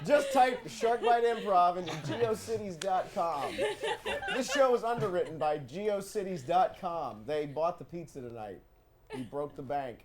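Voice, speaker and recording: A man's voice: sits high, measured pace, a crowd in the background. A man hosting a live improv comedy show, joking and laughing as he sets up the games. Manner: joking, animated, laughing often.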